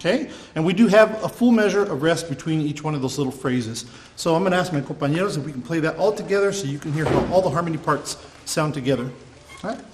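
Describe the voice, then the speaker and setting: A man's voice: on the high side, fast, noisy background. A man teaching violin, patiently explaining bowing and grace notes and scatting the rhythms. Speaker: violin instructor. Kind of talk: music lesson.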